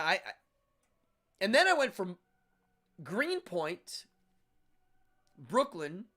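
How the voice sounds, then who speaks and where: A middle-aged man hosting his own casual talk show. He rambles from story to story in a chatty, loose way and acts out the voices of people he quotes. His voice rides a lively, swinging melody. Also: sits high. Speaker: host. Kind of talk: casual monologue.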